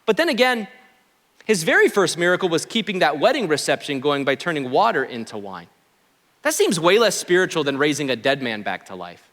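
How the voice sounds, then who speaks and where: A man's voice: fairly high pitch, big pitch swings, moderate pace, fairly bright tone, in a large hall. A man preaching a sermon as pastor, conversational, with asides to the congregation, in a church sanctuary.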